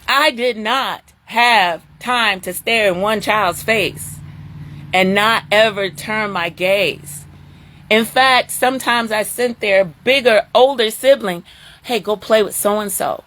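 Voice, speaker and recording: Chatty middle-aged woman live-streaming to viewers. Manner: chatty and animated, with quick jumps up into a high squeal of surprise. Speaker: host talking to live viewers. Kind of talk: casual live-stream talk.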